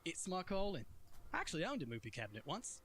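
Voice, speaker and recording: Courteous older British gentleman, formal and lively in pitch, a man doing the voice, game read-along. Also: quick pace, a little hiss or hum, exaggerated voice. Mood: polite, wistful. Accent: put-on British. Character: genteel older British male arcade regular.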